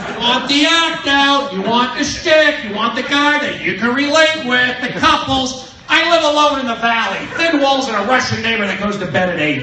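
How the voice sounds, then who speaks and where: A man doing a stand-up comedy set in a comedy club, with a manic, erratic delivery that breaks into sudden loud outbursts. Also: very high voice, background noise. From American Southwest. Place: comedy club main room. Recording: roomy, distant livestream audio with crowd laughter.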